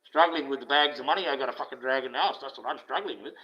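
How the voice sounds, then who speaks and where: A smug rich man whines in a mock-whiny way about how hard his life is, as a man mimics him with sarcasm. The pitch sits in a middle range. The audio is dull and lo-fi. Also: rapid-fire, pushed and bright, lightly acted.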